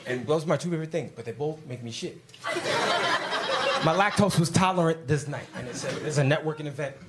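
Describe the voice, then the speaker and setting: A man's voice: fairly high pitch, a little fast, a loud crowd. A man doing a stand-up comedy set, telling crude stories brashly and putting on voices for the people in them. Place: comedy club stage with live audience.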